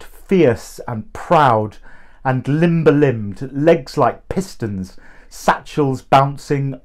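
Male story reader, slow measured pace, expressive, mid pitch. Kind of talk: storybook reading.

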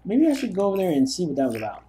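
Animated, rambling young man gaming. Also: high-pitched, rapid-fire, a little hiss or hum. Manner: rambling, self-mocking storytelling. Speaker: gaming commentator. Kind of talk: let's play commentary.

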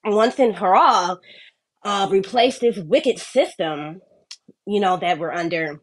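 A woman's voice: mid-range voice, expressive, slow. Mocking female caller. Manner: mocking, laughing at her own remarks. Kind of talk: call-in commentary.

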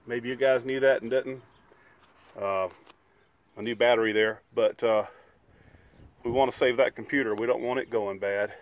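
A man's voice: medium pitch, fairly even intonation, normal speed, long pauses. Folksy man explaining RV towing steps. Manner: folksy, chatty, explains step by step. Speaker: RV vlogger. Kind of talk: casual how-to vlog. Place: outdoors beside his RV.

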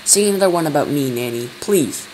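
A man's voice: fairly high pitch, brisk, slight background noise, close to an everyday voice, low-quality recording. A man doing a childish boastful president. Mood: excitable. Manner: loud, excitable, whiny.

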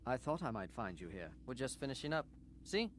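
An actor voicing a composed Jedi mentor who speaks in a measured, instructive way in an animated series. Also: mid-range voice, a little hiss or hum, close to an everyday voice.

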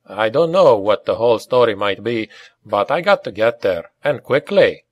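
A man voicing a big, earnest Scottish male officer with a deep, gruff voice in an audiobook reading. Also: sing-song, moderate pace, no room sound, muffled recording. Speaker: mercenary major.

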